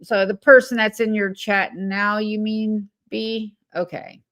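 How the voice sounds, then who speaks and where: A woman's voice: medium pitch, flat delivery, unhurried, a bit bright. A woman in her fifties co-hosting a livestream, commenting in a sarcastic and exasperated way. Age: 50s. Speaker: livestream co-host.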